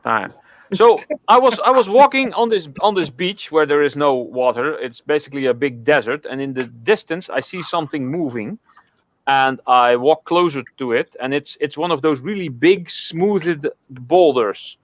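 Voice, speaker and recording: A man's voice: a little high, normal speed, no room sound, muffled recording. A man telling a long, rambling joke in casual chat, with many halts and restarts. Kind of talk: casual storytelling.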